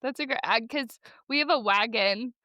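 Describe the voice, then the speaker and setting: A woman's voice: on the high side, normal speed, pushed and bright, no room sound. A woman co-hosting a podcast in casual chat, chatty and enthusiastic, laughing easily. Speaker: podcast co-host.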